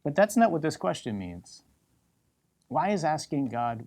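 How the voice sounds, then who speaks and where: Husky-voiced priest preaching with emphatic repetition. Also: male voice, fairly high pitch, sing-song, unhurried. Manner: emphatic, repeating phrases in lists; drops to soft, intimate tone when voicing God's call. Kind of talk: sermon.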